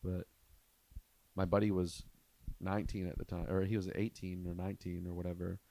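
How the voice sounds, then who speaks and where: A man's voice: sits low, brisk, gravelly, dry recording. A young adult man, a comedian hosting a podcast, telling a rambling story in casual chat and acting out the people in it. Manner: rambling, animated storyteller who acts out quotes.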